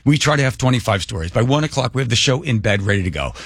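A man co-hosting a radio talk show, telling a story in a casual, animated way and acting out the voices of the people he quotes. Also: very fast, dry recording, studio quality. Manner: animated, acts out quoted voices, jumps pitch for emphasis.

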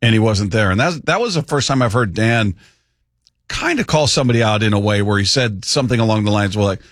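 A male sports radio host chatting about baseball in an animated way, often repeating words. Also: lowish voice, fast talker, no echo, clean studio sound. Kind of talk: sports talk radio chat.

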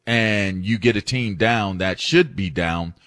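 A man's voice: on the low side, takes it slowly, a bit bright, no echo, studio quality. A man co-hosting a sports talk show, rambling emphatically about a playoff series.

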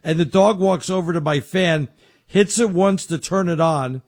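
Husky storytelling man. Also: high-pitched, normal speed. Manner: rambling animated storyteller, stammers. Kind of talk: casual chat.

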